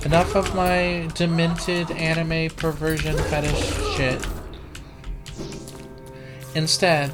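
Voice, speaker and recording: A woman's voice: deep voice, steady tone, slow, long pauses, over music. A woman hosting a let's play with live gameplay commentary, rambling, profane and self-mocking, practicing a trained feminine voice on a desk computer mic. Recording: keyboard clicks and room noise.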